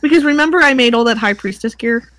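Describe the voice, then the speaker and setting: A woman's voice: fairly high pitch, quick pace, fairly bright tone. A woman playing her character in a tabletop game, talking casually with laughs and casual swearing. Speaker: player.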